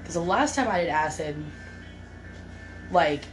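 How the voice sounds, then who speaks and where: Animated young woman telling a story. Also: fairly low pitch, measured pace, faint music behind, rough recording. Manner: animated, laughing, acts out quoted voices. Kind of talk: casual storytelling chat.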